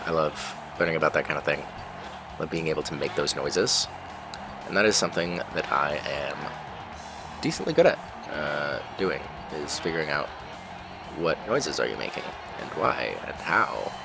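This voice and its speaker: A deep-voiced man talks through a racing game in a loose, rambling way, cutting himself off to yelp at crashes. His pitch swings widely from low mutters to high exclamations. Game music and engine sounds play clearly behind him. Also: animated, normal speed. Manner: rambling, self-interrupting, reacts loudly to crashes. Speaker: gaming channel host. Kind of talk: casual gameplay commentary.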